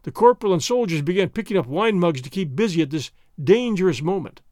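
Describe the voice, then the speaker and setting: A man narrating a classic adventure story in a theatrical, expressive manner. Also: sits high, fast talker, no echo, clean studio sound. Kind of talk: scripted audiobook narration.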